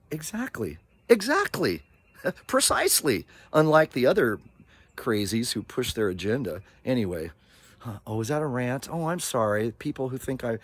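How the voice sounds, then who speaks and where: Animated man in his sixties rambling. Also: medium pitch, normal speed, slightly rough. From Oregon. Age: 60s. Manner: animated, rambling, with frequent asides and laughs. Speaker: vlogger. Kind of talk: casual rambling vlog talk.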